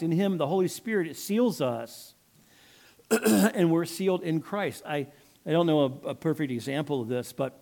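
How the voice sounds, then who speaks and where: An older man preaching a sermon, telling a personal story and acting out the quotes with animated emphasis. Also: fairly high pitch. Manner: storytelling, animated, acts out his own quotes. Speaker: pastor.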